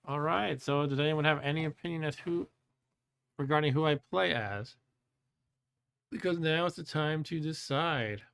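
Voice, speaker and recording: A man in his forties hosting a live stream and reading a gamebook aloud in his own voice. He talks in a relaxed, chatty way, chuckles often and stumbles over foreign words. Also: fairly high pitch, normal speed, creaky, long pauses, smooth. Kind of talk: casual live-stream chat and read-aloud.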